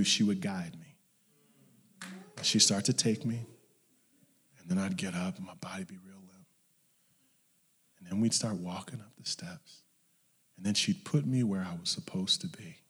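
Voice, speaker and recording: Preacher with big dynamic swings, echoing hall. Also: male voice, low-pitched, unhurried, long pauses, husky. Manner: dynamic, swings from hushed whispers to loud shouts; storytelling, acts out family members in his anecdotes. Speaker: pastor. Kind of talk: sermon. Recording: long hall reverb.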